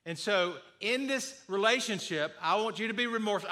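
A man's voice: high-pitched, animated, brisk, hardly any pauses, pushed and bright. A male pastor preaching a sermon in an earnest way, repeating key phrases and acting out sample apologies.

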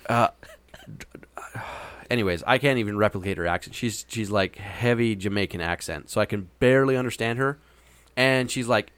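A man's voice: lowish voice, normal speed, fairly bright tone, no room sound. A man casually telling a long, meandering anecdote with frequent hesitations. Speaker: storyteller. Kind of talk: casual chat.

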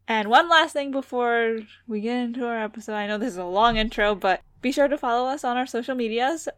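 Female podcast host, chatty with frequent laughs, slightly high voice, dead-dry recording. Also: a little fast, a bit bright, dry recording. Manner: chatty, laughs often, runs the segments. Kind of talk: casual chat.

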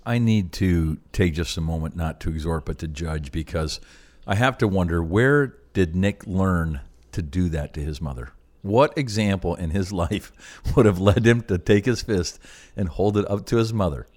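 A man's voice: deep voice, normal speed, few pauses, darkish tone. An older man co-hosting a podcast, joking and teasing in casual chat. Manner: joking, teasing, laughs often. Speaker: podcast co-host.

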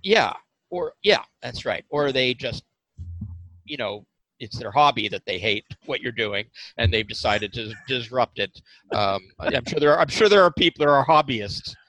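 A man's voice: medium pitch, lively intonation, normal speed, fairly bright tone, no room sound, rough recording. A male podcast guest speaking earnestly and carefully, sometimes hesitating as he explains. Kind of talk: casual interview talk.

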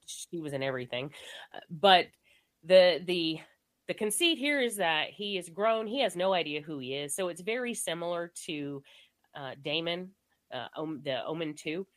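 A woman with a fairly low, animated voice co-hosts a casual movie podcast at a moderate pace. Recovering from being sick, she rambles with plenty of fillers and laughs often.

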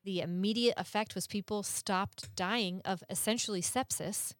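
A woman's voice: mid-range voice, moderate pace, no echo. Woman rambling earnestly on a podcast, laughs a lot, swears a bit, dead dry mic. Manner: earnest, explanatory, laughs often; curses casually. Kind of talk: casual chat.

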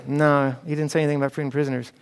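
A man's voice: fairly high pitch, flat delivery, rapid-fire, smooth, natural voice. A man doing a plain-spoken disciple. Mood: matter-of-fact. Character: male disciple messenger, plain and matter-of-fact. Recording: echoey hall.

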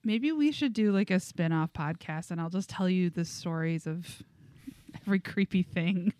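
Animated woman podcast co-host, dry mic. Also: on the low side, normal speed, no room sound. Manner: animated storytelling with many fillers and laughs. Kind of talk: casual chat.

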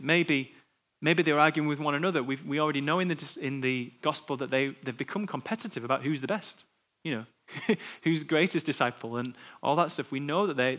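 Man preacher, casual sermon style, thinks aloud, middle pitch. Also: sharp tone. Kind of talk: informal sermon and discussion. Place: church.

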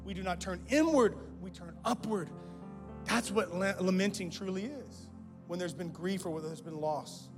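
High-voiced man preaching in a hall. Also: normal speed. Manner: impassioned, repeats phrases, rises to loud declarations then drops low. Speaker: guest pastor. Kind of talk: sermon. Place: church sanctuary. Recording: long hall reverb with music underneath.

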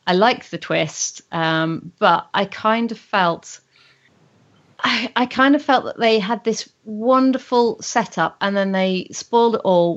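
A woman in casual podcast chat, chatty and full of questions and rambling asides. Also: mid-range voice. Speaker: podcast co-host. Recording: muffled lo-fi audio.

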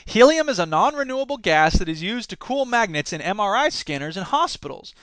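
Bright-voiced sarcastic podcast host. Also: male voice, high voice, very animated, fairly quick, dry recording. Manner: sarcastic, jokey, switches into silly voices. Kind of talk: casual solo commentary reading news.

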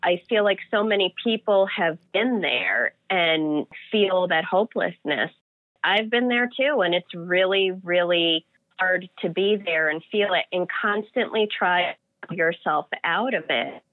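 A woman's voice: lowish voice, measured pace, no room sound. Earnest woman on a tinny line. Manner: earnest, emotional storytelling. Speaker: interview guest. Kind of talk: personal story in an interview. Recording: dry phone-like audio.

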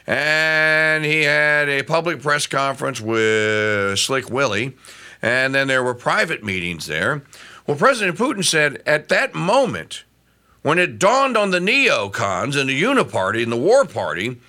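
Man, middle-aged, talk radio host, lively swooping pitch, rambling restarts. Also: a little slow. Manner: animated, rambling with frequent restarts.

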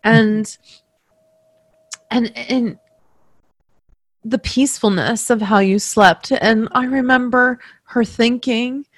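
A woman working as a medium, tenderly recounting a reading to the person she read for, emotional and halting. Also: on the high side, steady tone, no room sound, studio quality.

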